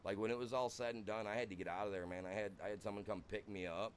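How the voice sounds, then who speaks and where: A man's voice: lowish voice, fairly even intonation, fast talker, slight background noise. A young American man streaming a farming game, rambling through a wild personal story and saying "dude" constantly.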